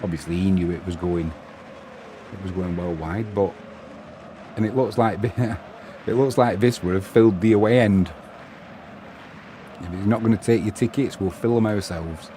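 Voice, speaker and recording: A man's voice: low voice, normal speed, long pauses, mellow, slight background noise. A man giving live football commentary on his own, mixing play-by-play with opinionated chatty asides and replies to viewers. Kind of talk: live solo match commentary while reading viewer chat.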